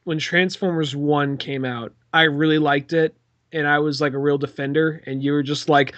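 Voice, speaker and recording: A man's voice: on the high side, moderate pace, fairly bright tone, highs cut off. A young man co-hosting a comedy podcast, telling stories dryly and acting out quotes. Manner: dry, storytelling with acted-out quotes. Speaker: podcast co-host. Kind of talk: casual comedic chat.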